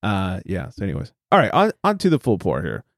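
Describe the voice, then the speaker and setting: A man's voice: deep voice, wildly swooping pitch, brisk, dry recording, studio quality. A man hosting a casual podcast, reading beer news headlines aloud and joking about them. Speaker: podcast host.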